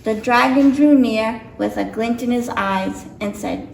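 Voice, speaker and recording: A woman's voice: a little high, measured pace, gravelly, hardly any pauses, slight background noise. A woman reading a picture book aloud with careful, slightly nervous delivery. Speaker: storybook reader. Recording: roomy echo, mic far off.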